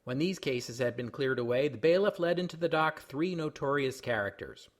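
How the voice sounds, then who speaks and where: A man's voice: medium pitch, animated, normal speed, natural voice. A man reading aloud a period humor column as a wry, mocking older Irish barkeep, in a plain voice without a brogue. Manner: read straight, without a brogue.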